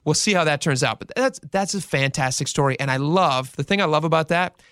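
A man's voice: on the high side, brisk, clean tone, no echo, clean studio sound. A radio show host telling a news story in casual talk, acting out the quotes as he goes. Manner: animated storyteller, acts out quotes.

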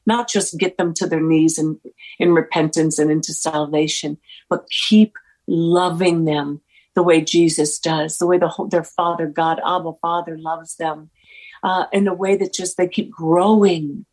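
A woman's voice: low-pitched, normal speed, low-quality recording. Earnest woman guest telling stories. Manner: earnest, animated storyteller acting out quoted dialogue. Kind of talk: faith-focused interview storytelling.

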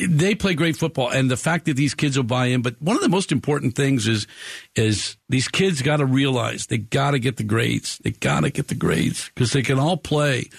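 A man's voice: medium pitch, no room sound, studio quality. A man hosting a casual sports talk radio show, rambling and enthusiastic, often restarting his sentences.

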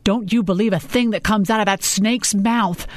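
A woman's voice: medium pitch, moderate pace, dry recording, pitched above the performer's own voice, close to an everyday voice. Brief: old grieving dad, read by a woman, heated and insistent, dry close sound. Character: grieving father near seventy, warm but bitter. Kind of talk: audiobook character reading.

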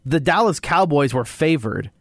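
A man's voice: a little high, animated, moderate pace, no echo. Hesitant man chatting sports, dry mic. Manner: hesitant, hedging, dry humor. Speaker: co-host. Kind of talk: casual sports talk.

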